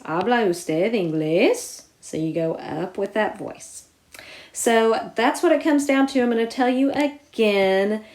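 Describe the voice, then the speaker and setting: A woman's voice: lowish voice, darkish tone. Patient woman teaching step by step. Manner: clear step-by-step explaining, stresses key words. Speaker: Spanish teacher. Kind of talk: recorded classroom lesson.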